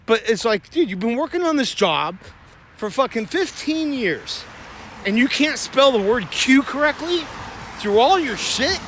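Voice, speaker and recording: A man's voice: extremely high pitch, very animated, unhurried, fairly bright tone, slight background noise. A man streaming in a heated, rambling, profane rant about his day. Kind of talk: ranting casual storytelling.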